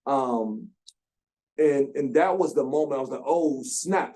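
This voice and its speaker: A man in his thirties, speaking as a founder at a workshop, telling his story in an animated way and acting out quotes with slang. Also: mid-range voice, unhurried. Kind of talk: storytelling talk. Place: lecture room.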